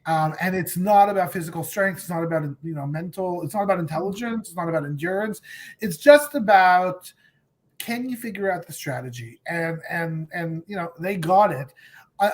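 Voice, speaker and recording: A woman co-hosting a casual fan recap chat, enthusiastic and often repeating words as she starts a thought. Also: fairly low pitch. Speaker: podcast co-host.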